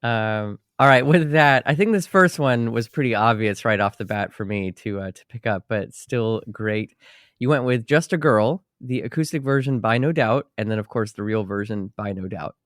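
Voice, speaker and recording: A man's voice: on the low side, lively intonation, moderate pace, fairly bright tone, dry recording, studio quality. A man co-hosting a podcast, nasal from a cold, upbeat and chatty. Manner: upbeat, chatty, laughs easily. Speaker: podcast co-host. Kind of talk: casual podcast chat.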